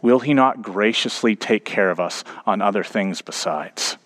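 A man's voice: fairly low pitch, moderate pace, a bit bright. A man preaching a sermon as pastor. He tells stories and builds to emphatic peaks.

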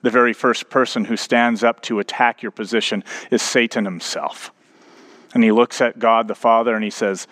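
A man's voice: mid-range voice, steady tone, normal speed, fairly bright tone. A man preaching a sermon as pastor. He tells stories and builds to emphatic peaks.

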